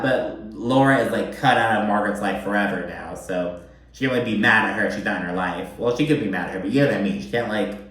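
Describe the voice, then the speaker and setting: A man chatting casually through a reality TV recap, swearing freely and using lots of fillers. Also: fairly bright tone. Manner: chatty, profane, heavy on fillers, mimics quoted people in a higher voice. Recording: very echoey room.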